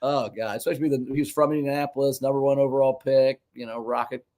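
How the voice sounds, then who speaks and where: A man co-hosting a casual sports podcast, an animated storyteller who swears freely. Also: mid-range voice, quick pace. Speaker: podcast co-host.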